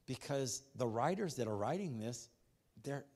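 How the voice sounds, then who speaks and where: A man preaching as a pastor in a church, rambling and chatty with many restarts, moving from hushed storytelling to loud exhortation. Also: mid-range voice, expressive, moderate pace. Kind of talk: sermon.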